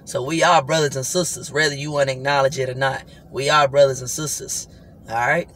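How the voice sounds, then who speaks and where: A man hosting a casual devotional vlog, talking to viewers in an animated, repetitive way and now and then breaking into song. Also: medium pitch, fairly quick, slight background noise. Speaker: vlog host.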